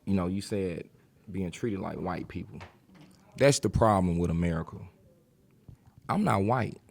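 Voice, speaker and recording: A man's voice: low voice, measured pace, creaky. A man speaking on a panel, emphatic and direct, repeating himself for force. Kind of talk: impassioned panel talk.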